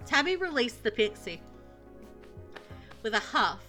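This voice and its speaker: Woman streamer narrating with lively expression. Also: a little high, a little slow, music in the background. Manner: expressive storytelling. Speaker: streamer narrating a visual novel. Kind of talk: dramatic narration.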